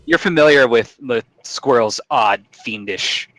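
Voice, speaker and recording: A man's voice: mid-range voice, unhurried, a bit bright, no room sound, poor audio. A man narrating as game master of a tabletop game, casual and full of restarts.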